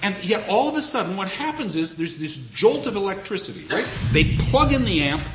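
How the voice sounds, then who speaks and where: A man's voice: high-pitched, fairly quick. A man lecturing on literature, telling a classroom story and acting out his students. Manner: animated storyteller, acts out students. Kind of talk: lecture with anecdote. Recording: echoey lecture hall, dull noisy audio.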